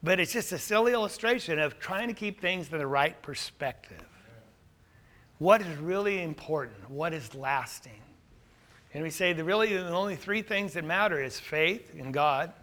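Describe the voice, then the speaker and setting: Middle-aged male pastor, high and lively delivery, animated sermon storyteller. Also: unhurried. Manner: animated storytelling with rhetorical questions.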